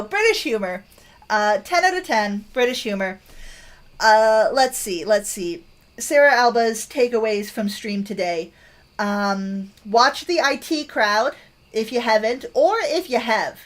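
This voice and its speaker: A woman's voice: mid-range voice, lively intonation, measured pace. A young woman talks casually to her stream audience. She is chatty and rambling, circling back with restarts, fillers and easy laughs. The delivery is loose and conversational, like a streamer filling time between topics. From Canada.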